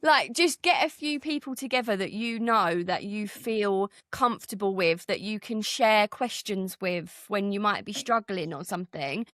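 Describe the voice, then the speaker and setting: A woman co-hosting a podcast, giving warm, encouraging advice in casual chat. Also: medium pitch, dry recording, clean studio sound. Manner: encouraging, quick supportive advice. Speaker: podcast co-host.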